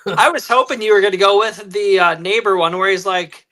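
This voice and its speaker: Brief: high, bright-toned man, ribbing co-host in loose banter. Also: brisk. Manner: teasing, playful ribbing. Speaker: podcast co-host. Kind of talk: casual chat.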